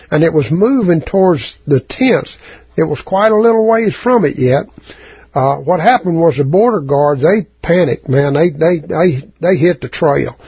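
A man preaching a sermon as a folksy, halting story, with a raspy voice and many restarts. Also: on the high side, dry recording, lo-fi sound. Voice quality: raspy, gravelly.

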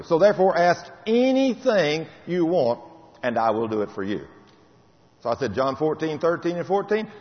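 An older man preaches his testimony with fervent conviction, hammering home key phrases again and again. His mid-pitched voice rings through a long hall echo, and the recording sounds muffled. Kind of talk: testimony sermon.

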